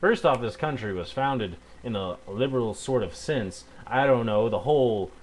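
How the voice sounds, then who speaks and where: A man's voice: mid-range voice, expressive, normal speed, a little hiss or hum, poor audio. A young man delivering an angry, heated rebuttal rant into a webcam at home, cursing and stumbling over fillers. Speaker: video blogger.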